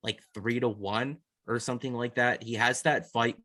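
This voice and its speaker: A man's voice: mid-range voice, steady tone, moderate pace, pushed and bright, no echo, studio quality. A man co-hosting a casual sports podcast, talking earnestly and restarting his sentences often. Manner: rambling, repeats and restarts, earnest. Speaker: podcast co-host.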